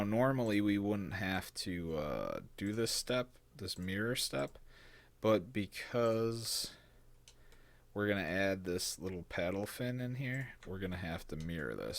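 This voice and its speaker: A man's voice: deep voice, vocal fry. A man casually talking through a design tutorial, thinking aloud, humming and muttering to himself. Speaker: bait designer teaching CAD. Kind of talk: casual screen-recorded tutorial.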